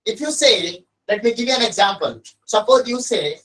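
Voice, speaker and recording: A man's voice: high voice, expressive, normal speed, fairly bright tone, far from the mic, low-quality recording. A man with an Odia Indian accent teaching an English lesson, stressing and repeating his key points to students. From Odisha, India. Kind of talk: classroom lesson.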